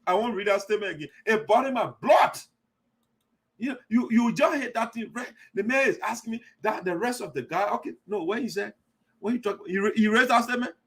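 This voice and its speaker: A man's voice: high-pitched, a little fast, fairly bright tone, breathy edge. A man hosting an online radio show, giving heated, repetitive political commentary and calling the listener "my brother.". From Liberia.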